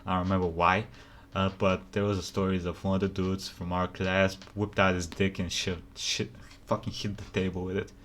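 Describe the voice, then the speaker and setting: A man's voice: sits low, little pitch movement, a little fast, fairly bright tone, slight background noise. A man hosting a reaction video, chatting casually with swearing and laughing asides.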